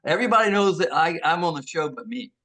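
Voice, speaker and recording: An older actor being interviewed, telling animated stories with many restarts and acting out the voices of people he quotes. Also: fairly high pitch, fast talker. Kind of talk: anecdotal storytelling.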